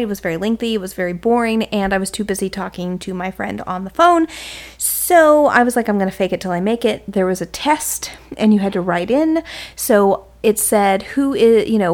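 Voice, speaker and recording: A woman in her thirties co-hosting a podcast, telling a story in a casual, animated, self-mocking way. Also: mid-range voice. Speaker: podcast co-host. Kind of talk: casual chat.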